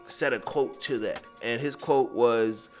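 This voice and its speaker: A man's voice: medium pitch, a little slow, soft background music. A man giving heated, profane commentary, rambling and drifting off his script. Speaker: commentary vlogger.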